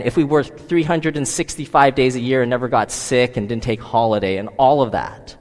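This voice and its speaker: A man preaches a sermon in a high, bright voice that swings up and down. He keeps asking the listeners rhetorical questions. His voice rings out with a long echo in a hall. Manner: lively, asks the listeners many rhetorical questions. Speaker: pastor.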